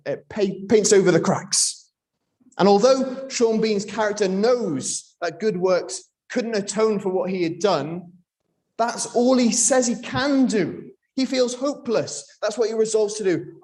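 A man preaches a sermon. His voice sits a little high, and he keeps it conversational, asking his listeners question after question. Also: darkish tone. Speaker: pastor.

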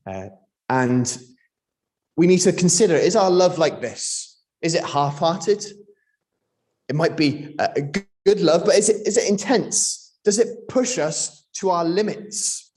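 Preacher with a higher voice. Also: male voice, lively intonation, a little slow, darkish tone. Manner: conversational preaching with rhetorical questions. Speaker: pastor. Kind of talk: sermon.

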